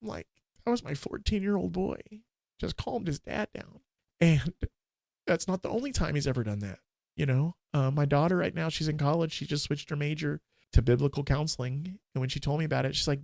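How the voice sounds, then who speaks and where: A man in his forties, a minister and podcast guest, telling a candid, emotional personal story in a halting way with many restarts. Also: on the high side, expressive, gravelly, darkish tone, no echo, clean studio sound.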